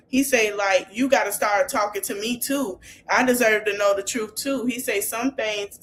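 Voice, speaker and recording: A woman's voice: medium pitch, slight background noise. A woman hosting a podcast, retelling reality-show scenes in a chatty, gossipy way. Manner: chatty gossipy retelling with African American Vernacular English. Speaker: podcast host. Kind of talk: casual reality-TV recap.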